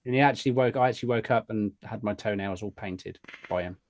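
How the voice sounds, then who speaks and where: A man's voice: lowish voice, quick pace. A man in casual banter on a live stream, making fun of himself. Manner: self-deprecating banter. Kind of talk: casual chat.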